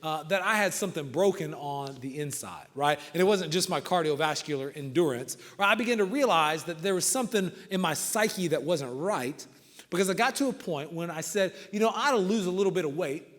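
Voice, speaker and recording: High-voiced man speaking in a hall. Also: expressive, a little fast. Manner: storytelling, swings from loud to hushed. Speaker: motivational speaker. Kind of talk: motivational talk to coaches. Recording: reverberant hall.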